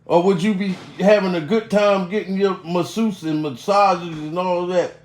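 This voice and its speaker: A man's voice: high-pitched, fairly even intonation, moderate pace, darkish tone, reverberant, natural voice. A man putting on the voice of a rich older man who laughs as he teases his wife. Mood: gleeful. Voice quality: gleeful, laughing.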